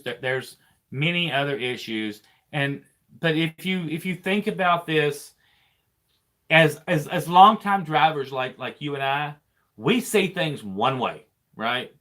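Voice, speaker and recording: A man hosting a loose trucking chat, his voice bright and a touch high for a man. He rambles, circles back and repeats words before he lands a thought. The talk is easygoing and unscripted. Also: a little slow. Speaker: trucker and channel host. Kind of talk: casual live chat.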